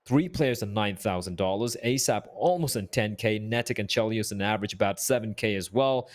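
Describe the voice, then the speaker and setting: Excitable man casting esports play-by-play. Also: on the low side. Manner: excitable, rising fast during big plays. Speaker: esports caster. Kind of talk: play-by-play commentary. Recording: faint noise and game gunfire behind.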